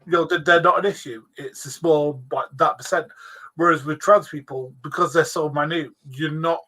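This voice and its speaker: A man's voice: on the high side, steady tone, normal speed, bright, forceful tone. A man in a casual podcast chat, hesitant, repeating words as he builds his point. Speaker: podcast co-host.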